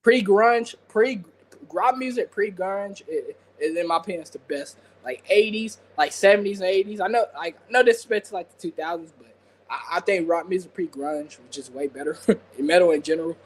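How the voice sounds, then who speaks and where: A man's voice: high-pitched, moderate pace, rough recording. A man co-hosting a casual wrestling podcast, rambling with many fillers and frequent laughs. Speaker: podcast co-host. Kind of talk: casual chat.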